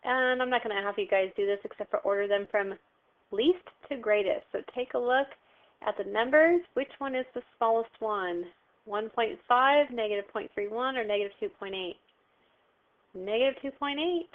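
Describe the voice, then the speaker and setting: A woman's voice: fairly high pitch, normal speed. A woman teacher walking students through a recorded math lesson, patient and step by step, asking questions and answering them herself. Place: home, phone heard behind. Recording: tinny phone-like sound.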